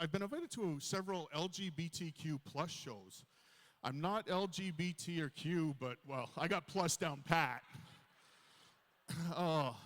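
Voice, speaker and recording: Fifties stand-up comic, self-deprecating, slightly high voice, live on a reverberant stage. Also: male voice, a bit bright. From Canada. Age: 50s. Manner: self-deprecating storytelling to a crowd. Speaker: stand-up comedian. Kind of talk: stand-up comedy set. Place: large hall on stage.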